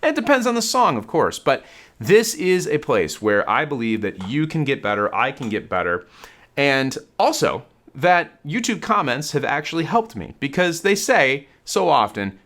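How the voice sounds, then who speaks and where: A man's voice: mid-range voice, very animated, normal speed, fairly bright tone. A man hosting a casual guitar lesson, explaining in a conversational way while demonstrating on his guitar. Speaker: guitar teacher and channel host.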